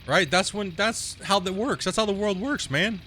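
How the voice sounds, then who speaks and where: Bright-voiced male streamer chatting casually. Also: sits high, moderate pace, slight background noise. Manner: rambling storytelling, often tags "right?". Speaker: game streamer. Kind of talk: casual live-stream chat.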